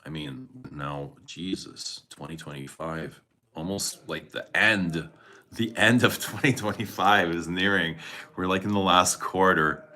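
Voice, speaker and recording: Low-voiced man in rambling live chat. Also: animated, unhurried, pushed and bright. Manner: rambling, chuckling, swears casually. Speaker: livestream host reading viewer comments.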